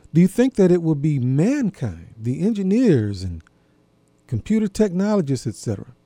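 A man hosting a talk program, musing aloud in a deliberate, folksy way and posing questions to his listeners. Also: medium pitch, dark tone, dry recording. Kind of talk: reflective monologue.

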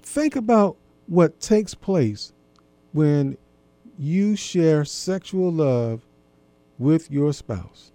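A man giving an earnest, gently instructive talk to listeners about marriage, often repeating himself. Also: on the high side, animated, drawn-out words, dry recording. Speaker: marriage and intimacy speaker.

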